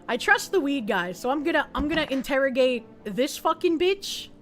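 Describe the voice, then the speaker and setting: Sex: woman. Role: playful streamer with high, lively voice. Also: measured pace, faint music behind. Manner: playful, swearing, laughing. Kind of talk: casual gaming commentary, reading chat.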